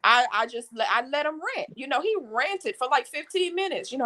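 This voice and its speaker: A woman chatting casually as a co-host, telling animated, frank stories and swearing freely. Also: sits high, a little fast, rough recording. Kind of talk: casual storytelling chat.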